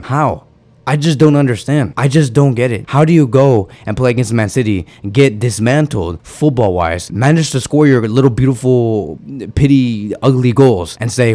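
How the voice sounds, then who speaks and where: A man in a heated, exasperated rant, his voice a little rough and worn from yelling. He speaks at a middling pitch and keeps pressing his complaints with mounting frustration. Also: fairly quick. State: slightly rough voice from screaming. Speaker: football fan commentator. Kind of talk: ranting fan vlog commentary.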